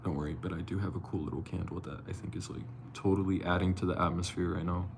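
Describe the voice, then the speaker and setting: Low, gravelly-voiced man chatting on a live stream. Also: fairly even intonation, fast talker, noisy background. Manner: loose and chatty, swears casually, slips while reading. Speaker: live-stream host reading a novel aloud. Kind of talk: casual live-stream reading and chatting with viewers.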